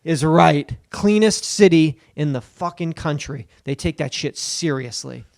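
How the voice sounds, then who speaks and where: A man's voice: fairly high pitch, expressive, a little slow, gravelly, darkish tone, dry recording, clean studio sound. A man co-hosting a comedy podcast, riffing loosely with lots of swearing and slipping into goofy put-on voices. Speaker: podcast co-host. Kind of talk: casual comedic banter.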